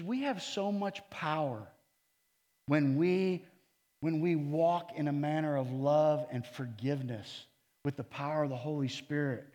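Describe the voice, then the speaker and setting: A man preaching a sermon as a pastor, telling stories in an animated way and acting out the quotes, with big swings between loud and soft. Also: a little high. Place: church. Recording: long reverb of a church hall.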